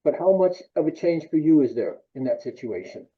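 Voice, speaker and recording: Husky-voiced male interviewer, dull sound. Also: a little high, big pitch swings, fairly quick. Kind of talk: provocative interview questions.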